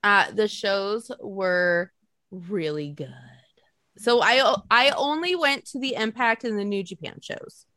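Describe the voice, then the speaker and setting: A woman co-hosting a casual chat, telling lively stories, swearing freely and acting out quotes. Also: medium pitch, takes it slowly, dry recording, clean studio sound. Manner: animated storytelling, swears freely, acts out quotes. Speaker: podcast co-host.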